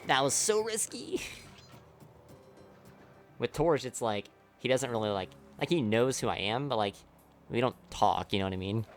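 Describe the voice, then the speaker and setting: Rambling young man, low voice. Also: normal speed, pauses often, faint music behind. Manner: rambling, leans heavily on "like", laughs often, swears. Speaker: speedrunner streamer. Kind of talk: casual stream chat.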